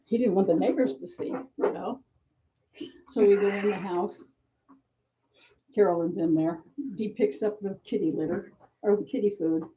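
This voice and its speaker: A woman author telling an animated anecdote to a live bookstore audience, acting out the voices of the people in her story. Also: mid-range voice, moderate pace, long pauses, highs cut off. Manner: acts out the voices in her anecdote, lively and self-deprecating. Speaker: author at a book talk. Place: bookstore event room.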